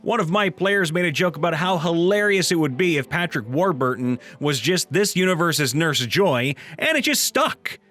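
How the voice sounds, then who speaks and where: An animated man reads online stories aloud in a bright, lively voice. He sits slightly high for a man, playful throughout, with soft music behind him. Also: normal speed, few pauses. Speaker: narrator reading viewer stories. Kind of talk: reading online comments aloud.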